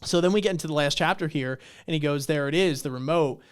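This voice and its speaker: Excitable man recapping a story. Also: fairly high pitch, fast, smooth, no echo, studio quality. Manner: animated retelling, acts out lines, swears. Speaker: podcast co-host. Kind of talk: casual chat recapping a webtoon.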